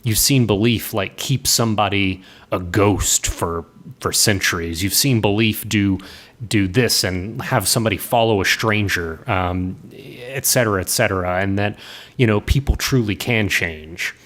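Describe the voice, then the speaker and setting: A man with a somewhat low voice co-hosts a casual podcast. He rambles through a game's story, stacking fillers and restarts as he goes. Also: measured pace, a bit bright. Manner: rambling retelling of a game plot, lots of fillers. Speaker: podcast co-host.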